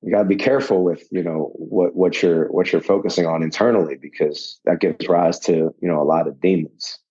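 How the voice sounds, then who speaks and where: A man from Pittsburgh with a lowish, husky voice talks as a podcast guest, quick to joke and go off on tangents. His audio sounds a little dull and lo-fi. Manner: animated and joking, quick tangents and restarts. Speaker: podcast guest, boxing coach. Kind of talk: casual chat.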